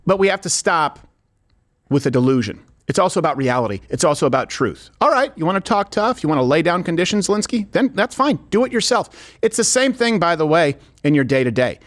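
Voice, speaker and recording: Male show host, high-pitched, sarcastic, forceful opinion delivery. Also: big pitch swings, a little fast. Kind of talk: political commentary show.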